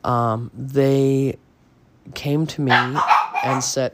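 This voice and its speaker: A man's voice: mid-range voice, moderate pace, gravelly, very noisy. A man hosting a podcast, casually telling a ghost story to his listeners in a rambling way full of fillers and the odd swear word. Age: adult parent. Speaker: podcast host.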